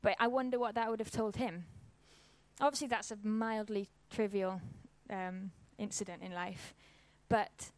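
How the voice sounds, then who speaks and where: A woman's voice: medium pitch, fairly even intonation, unhurried, no room sound. A woman, giving an informal church talk and telling a personal story in a casual, conversational way. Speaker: church speaker.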